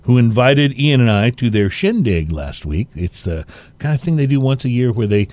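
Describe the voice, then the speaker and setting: A man co-hosting a casual chat show, relaxed and rambling with a self-deprecating humor. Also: medium pitch, normal speed. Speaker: podcast co-host.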